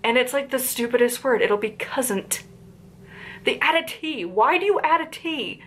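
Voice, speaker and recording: A woman's voice: sits high, expressive, moderate pace, fairly bright tone, a little hiss or hum. Chatty Appalachian woman reviewing books. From Appalachian region of the United States. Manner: chatty and rambling, with frequent fillers and tangents. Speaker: book reviewer and author. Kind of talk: casual book review vlog.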